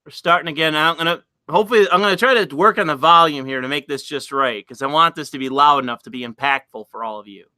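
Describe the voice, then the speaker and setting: Streamer dude cussing and grumbling at his screen, super bright voice, dry close sound. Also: a little high, quick pace, hardly any pauses, dry recording. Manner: profane, exasperated, laughs often. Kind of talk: casual live-stream chat.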